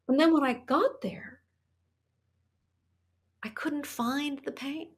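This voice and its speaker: Speaking a little slowly and pausing often, an older woman with a high, fairly bright voice recounts her story. She's an artist guesting on a podcast, tearful, thoughtful and emotional, often beginning sentences again in reflective conversation.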